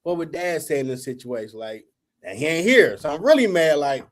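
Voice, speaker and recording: On his talk show, a host whose voice sits on the high side talks briskly through a story, voicing each quoted line with animation and swearing freely in relaxed chat.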